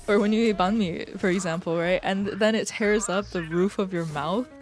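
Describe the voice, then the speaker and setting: A woman's voice: mid-range voice, normal speed, soft background music. A young woman streamer in casual live chat, rambling, swearing often and joking as she goes.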